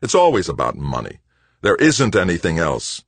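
A man's voice: deep voice, huge pitch swings, moderate pace, gravelly, slightly rough, no echo, pitched above the performer's own voice, heavily acted. A man reading an audiobook and voicing a stern, impatient male base director who talks sharply and dismissively. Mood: curt. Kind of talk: audiobook character voice.

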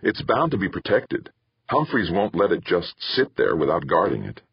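A man's voice: low-pitched, big pitch swings, moderate pace, gravelly, slightly rough, muffled recording, full character voice. A man doing a grumbling spaceship captain. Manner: grousing, blunt.

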